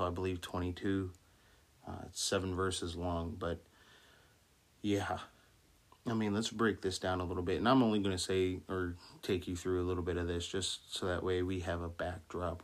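A low-voiced man acting as a minister gives an informal Bible talk full of restarts and fillers. He then reads scripture slowly and deliberately.

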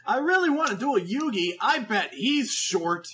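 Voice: medium pitch, very animated, measured pace, fairly bright tone, slightly rough. A podcast co-host in casual chat who keeps cutting in with jokes and talks over the others.

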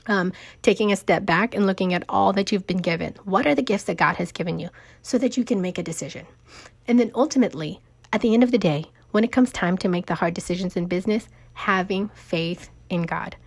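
A woman's voice: medium pitch, a little fast, vocal fry, breathy edge. Emotional, emphatic woman host. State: tearful. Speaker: podcast host, business owner. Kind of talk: personal faith talk.

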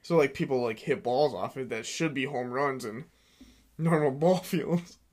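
A man's voice: mid-range voice, a little slow, darkish tone. A young man co-hosting a podcast, chatting casually in a nasal voice and laughing often. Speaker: podcast co-host. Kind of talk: casual chat.

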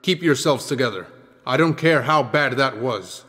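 A man's voice: mid-range voice, expressive, normal speed, a bit bright, natural voice. A man voicing a harsh, stern male fish-man guard captain who growls his orders. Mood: commanding. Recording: long reverb with background music.

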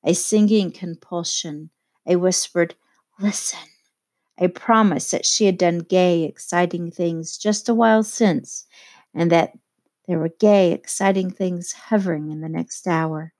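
A woman's voice: on the low side, steady tone, unhurried, a little mellow. Woman reading a novel aloud. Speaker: audiobook reader. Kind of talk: scripted narration.

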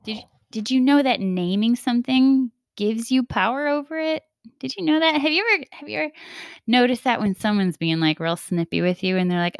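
A woman's voice: fairly high pitch, animated, moderate pace, smooth, no room sound, clean studio sound. A woman hosting a podcast, talking in a casual, earnest, confiding way and acting out the voices she quotes. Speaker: podcast host. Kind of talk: casual reflective monologue.

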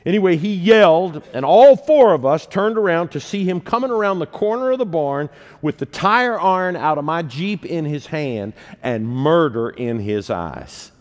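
In a church sanctuary, a preacher in his sixties gives a sermon, telling personal stories with humor and poking fun at himself. His voice is fairly high, animated and moderately paced. The long reverb of a large hall surrounds every word.

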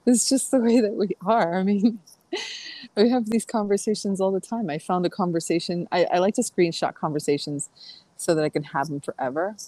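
A woman's voice: mid-range voice, fairly even intonation, normal speed, warm tone, no echo, rough recording. A middle-aged woman chatting as a podcast guest, rambling through stories with fillers and restarts. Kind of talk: casual podcast conversation.

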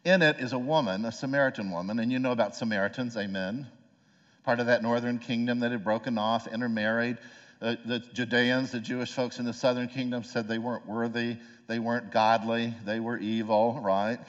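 A man's voice: medium pitch, steady tone, brisk. A man pastor preaching a sermon in a conversational way, often asking the listeners rhetorical questions. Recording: long hall reverb, dull lo-fi sound.

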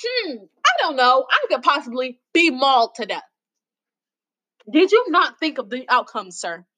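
A woman's voice: sits high, sing-song, moderate pace, bright, forceful tone, rough recording. A woman hosting a casual video, reading out stories and commenting on them in a mocking, exasperated way, sometimes stumbling over the text. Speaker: host reading out lawsuit stories.

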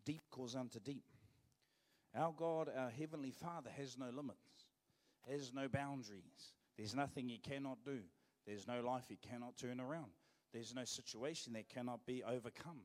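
A man's voice: medium pitch, moderate pace, long reverb tail. A man with a New Zealand accent, preaching a sermon as pastor in a joking, conversational way. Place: church.

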